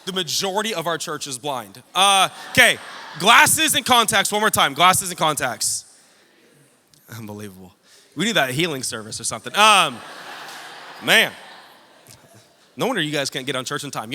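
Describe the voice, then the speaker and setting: A male pastor delivers a sermon in a church hall, trading jokes with his congregation as he tells stories. His voice sits high and rings very bright and sharp. Long reverb trails each phrase through the room. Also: sing-song, brisk, slight background noise. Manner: joking, storytelling preacher addressing congregation.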